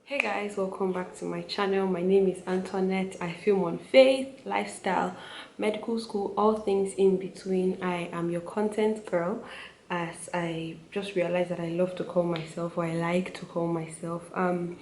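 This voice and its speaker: A woman's voice: lowish voice, fairly even intonation, measured pace, a little mellow, slight background noise. A woman in her twenties with a Nigerian accent, talking earnestly to camera in a casual vlog and repeating points for emphasis. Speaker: vlogger. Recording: echoey room with faint ambience.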